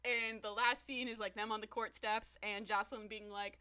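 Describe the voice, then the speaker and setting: A woman co-hosting a podcast casually recaps a TV episode with profane, animated storytelling, acting out the characters' lines. She speaks in a mid-range voice at a moderate pace.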